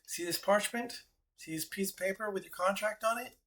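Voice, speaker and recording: A man voicing a gloating spider goddess, raised pitch. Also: fairly quick, fairly bright tone. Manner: gloating, taunting. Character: cruel mocking female spider goddess.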